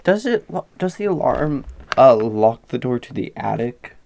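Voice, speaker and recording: A woman player in a tabletop game session, with an exceptionally low voice that has a gravelly edge. She speaks slowly and hesitantly. She sounds soft-spoken. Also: very animated, a little hiss or hum. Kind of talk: casual tabletop game chat.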